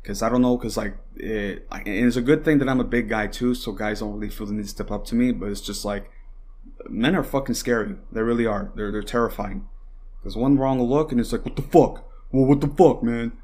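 A man's voice: lowish voice, a little fast, a little mellow. A young man hosting a podcast, ranting with heavy swearing and constant fillers, at times mocking his opponents. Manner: heated and rambling, swears often, many fillers; mocks opponents in put-on voices. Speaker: podcast host. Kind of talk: casual political commentary.

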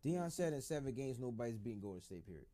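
A man co-hosting a live sports podcast, arguing in an animated, casual way and reading the chat aloud. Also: mid-range voice, quick pace. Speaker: podcast co-host.

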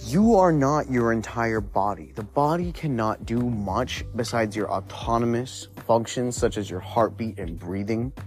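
A man's voice: mid-range voice, measured pace, few pauses, soft background music. A man hosting a podcast, telling a spooky personal story in a rambling, profane, conversational way. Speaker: podcast host.

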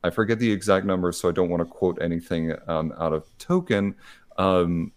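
A man with a fairly low voice, talking casually on a podcast. He tells workplace stories with a playful edge and acts out other people's lines. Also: fairly quick.

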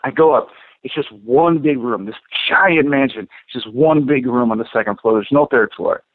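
A man co-hosting a podcast, telling a story in a casual, profane and animated way. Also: mid-range voice, moderate pace, dry recording. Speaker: podcast co-host. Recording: tinny phone-like dry sound.

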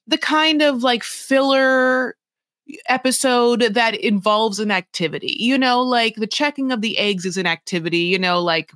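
A woman's voice: mid-range voice, a bit bright, no room sound, clean studio sound. A woman co-hosting a podcast, recapping a reality show in a rambling, sarcastic chat full of "like" and "you know". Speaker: podcast co-host.

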